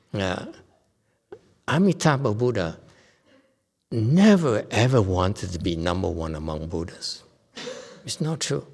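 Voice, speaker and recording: A man's voice: lowish voice, darkish tone. A Buddhist master from Vietnam giving a dharma lecture in a temple hall, joking and conversational, often checking in with his listeners. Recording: long reverb in a hall.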